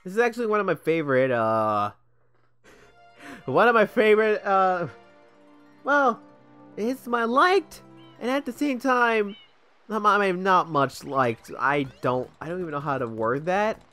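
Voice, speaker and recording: A man's voice: high voice, lively intonation, unhurried, pauses often, pushed and bright, clean tone, soft background music. A young man giving casual, rambling gameplay commentary as a let's play host, sidetracked and self-deprecating.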